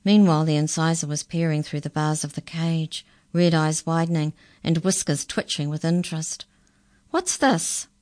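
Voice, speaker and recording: Woman reading a kids story, calm and steady, low voice, super dry close mic. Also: normal speed, few pauses, dry recording. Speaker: children's story reader. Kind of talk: storybook narration.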